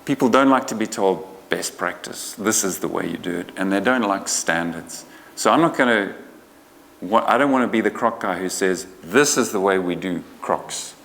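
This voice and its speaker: A low-voiced man presents his research at a conference in a loose, joking, colloquial way, breaking off and restarting his sentences. His voice rings with the long reverb of a big lecture hall. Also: lively intonation, moderate pace, creaky, a bit bright, slight background noise. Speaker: conservation researcher giving a talk.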